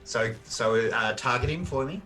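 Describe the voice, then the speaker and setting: A man's voice: medium pitch, animated, normal speed, sharp tone. A man acting as game master in an online tabletop game, patiently explaining the rules step by step. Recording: distant voice with faint music.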